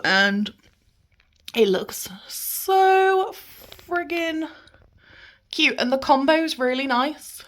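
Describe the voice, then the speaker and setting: A woman's voice: mid-range voice, a bit bright. A British woman talking casually in a home vlog, rambling with fillers as she shows her freshly painted room. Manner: chatty, rambling, with many fillers. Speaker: vlogger. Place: home being decorated.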